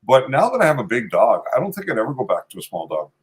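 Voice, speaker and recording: Man, mid pitch, easygoing, laughs easily, casual chat. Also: huge pitch swings, fast, husky. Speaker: podcast co-host.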